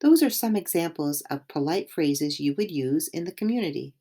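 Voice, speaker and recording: A woman teaching beginner English, reading out polite phrases and short example dialogues slowly and clearly. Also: deep voice. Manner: slow, clear, lively intonation.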